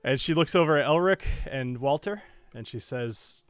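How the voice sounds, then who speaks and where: Relaxed male game master. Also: medium pitch, normal speed, smooth, dry recording. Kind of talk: narrating a tabletop game.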